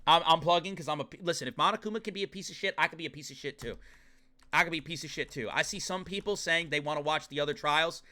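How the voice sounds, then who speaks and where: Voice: medium pitch, sharp tone. A streamer giving profane, ranting live gameplay commentary and chatting with viewers.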